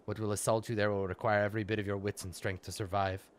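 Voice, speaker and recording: A man reading the lines of a solemn female mage in a quiet, measured, grave way. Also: lowish voice, little pitch movement, close to an everyday voice.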